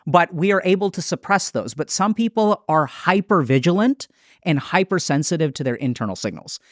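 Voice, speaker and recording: A man explaining in a podcast interview, fairly high voice, dry close sound. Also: expressive, no echo. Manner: explanatory, thoughtful, quick restarts. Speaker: psychiatrist.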